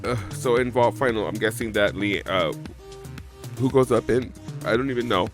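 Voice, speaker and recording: A man's voice: on the low side, normal speed, over music. A man streaming live, emotional and teary from crying, rambling as he reads out follower names. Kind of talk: live watch-along reaction stream.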